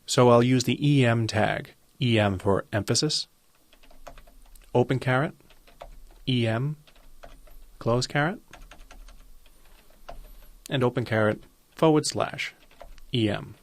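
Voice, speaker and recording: A man teaching a web design lesson in a calm, methodical way, walking through each step of a screen-recorded coding tutorial. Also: mid-range voice, slow pace, long pauses.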